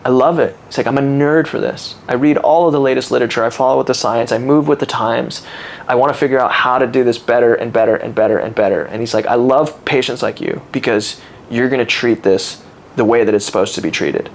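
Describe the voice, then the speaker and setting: An earnest man in his thirties talks candidly and reflectively in a podcast interview, with a voice of ordinary middle pitch. A faint hum sits behind him. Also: quick pace, creaky. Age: 30s. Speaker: podcast guest. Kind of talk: casual interview storytelling.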